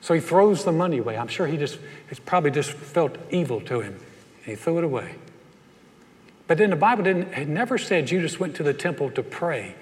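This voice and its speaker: A man's voice: on the high side, expressive, a little fast. A man from North Carolina preaching a sermon, telling stories in a folksy way and acting out the voices of the people in them. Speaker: pastor. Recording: long reverb of a large hall.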